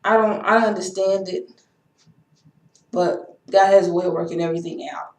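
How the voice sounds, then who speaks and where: A woman's voice: lowish voice, fairly even intonation, moderate pace, darkish tone. A young woman, talking in an impassioned, repetitive way in a personal vlog. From Texas. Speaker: vlogger. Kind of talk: emotional personal vlog rant. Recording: echoey room.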